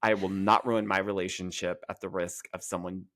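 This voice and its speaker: A man co-hosting a podcast in casual gossip chat, sassy and animated with quick comic asides. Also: low voice. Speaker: podcast co-host.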